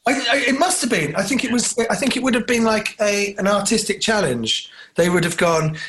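A man chats casually as a podcast co-host. He tells rambling, jokey stories in a slightly high voice. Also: a little fast, hardly any pauses, fairly bright tone. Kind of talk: casual chat.

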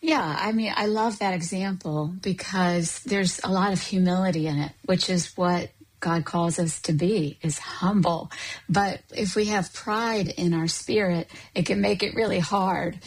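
A woman's voice: fairly low pitch, unhurried, rough recording. A woman who works as a counselor and coach, speaking as a talk show guest in an earnest, thoughtful way. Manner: earnest and thoughtful, with soft fillers.

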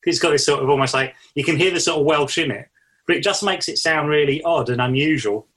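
A man co-hosting a podcast, talking in a relaxed, reflective way with many fillers. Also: fairly high pitch, fast. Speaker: podcast co-host. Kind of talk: casual chat.

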